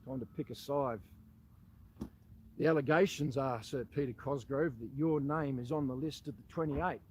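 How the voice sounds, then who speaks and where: Australian ex-soldier, plain-spoken and forceful, mid-pitched man's voice, faint room hum behind him. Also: moderate pace, poor audio. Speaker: army veteran. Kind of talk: impassioned monologue addressed to an official.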